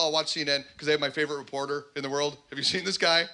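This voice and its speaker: A Canadian man with a Canadian accent performs a sardonic, conversational stand-up comedy set, talking fast in a fairly high voice. Loud background noise fills the recording.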